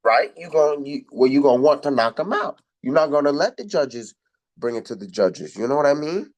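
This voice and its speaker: A man's voice: a little high, animated, a little fast, a little mellow, far from the mic. A man hosting a podcast, giving rambling, motivational sports commentary with lots of repetition and fillers. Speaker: podcast host.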